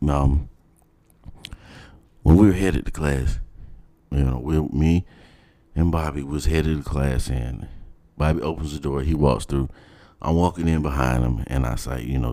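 A man telling a personal story in a blunt, animated, casual way. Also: rumbling low. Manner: animated, blunt, swears freely.

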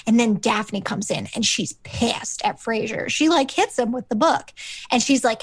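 A woman's voice: a little high, unhurried, no room sound. A woman co-hosting a podcast, recapping a sitcom episode in a rambling, casual way with lots of fillers, acting out the characters' lines. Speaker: podcast co-host.

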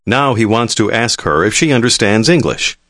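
A man narrating a language lesson in a calm, measured, clearly enunciated scripted delivery. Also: on the low side, no room sound, clean studio sound.

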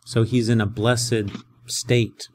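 A man teaching a Greek lesson as a professor, explaining in a conversational, animated way. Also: medium pitch, slow.

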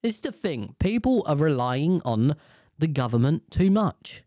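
British man, profane, rambling rant, lively up-and-down pitch, dry close sound. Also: measured pace, no room sound. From United Kingdom. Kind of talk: casual ranting monologue.

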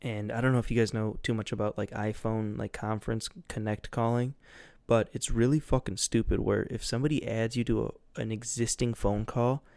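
A man's voice: lowish voice, steady tone, fairly quick, creaky, a little mellow, dry recording. Goofy rambling guy. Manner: loose, goofy, lots of fillers and swearing. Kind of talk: casual rambling monologue.

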